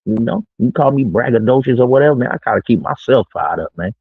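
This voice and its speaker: In a casual monologue from his small studio, a middle-aged man streams brash, boastful dating talk in street slang. His mid-range voice is animated and fast, gravelly with a breathy edge. The line sounds tinny, like a phone, with no echo.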